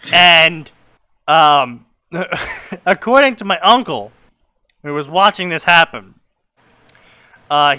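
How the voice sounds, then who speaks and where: A man's voice: fairly high pitch, pushed and bright, smooth, no echo. A young man casually reading fanfiction aloud and commenting, rambling, laughing and swearing.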